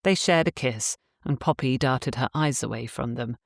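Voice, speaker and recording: A woman narrating a romance audiobook in a measured, even storytelling manner. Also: rumbling low, no room sound, studio quality. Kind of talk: scripted narration.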